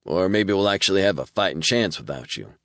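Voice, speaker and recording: A man's voice: low voice, animated, a little fast, a bit bright, no room sound, studio quality. A male audiobook narrator voicing a cocksure male soldier captain with a Southern American drawl. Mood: taunting.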